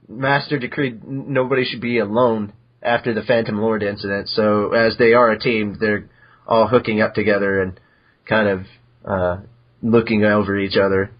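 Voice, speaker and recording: A man hosting a podcast, casually recapping episodes in an animated way, now and then jumping into high squeaky voices for characters. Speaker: podcast host. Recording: dull lo-fi podcast audio.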